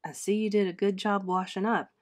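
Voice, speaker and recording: A steady, low-voiced older uncle speaks gently but leaves no room for argument, as a woman reading a storybook puts him on. His voice stays soft and calm. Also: a little fast, lightly acted. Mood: gentle firm. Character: gentle but firm older uncle, rural Southern speech.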